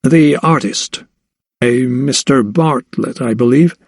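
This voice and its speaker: A man voicing a weather-beaten Scottish sea captain in a storybook reading, easygoing and hospitable, his brogue rolling out in slow, drawn-out phrases. He sits a little higher than a plain telling voice and sounds a touch set back from the mic. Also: no echo, studio quality. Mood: affable. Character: weathered middle-aged male Scottish sea captain, affable.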